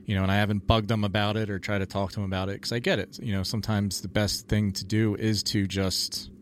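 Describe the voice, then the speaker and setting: A man's voice: fairly low pitch, flat delivery, fast talker, a little hiss or hum. A man, a paranormal TV investigator, telling stories in a rambling casual chat full of "like" and "you know".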